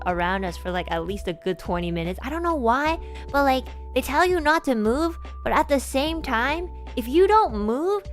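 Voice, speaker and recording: A woman streamer telling a childhood story in casual, chatty talk, full of "like" and restarts, with lively bits where she acts out other people. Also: fairly high pitch. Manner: chatty, animated, lots of "like" and restarts, voices kids and adults in quotes.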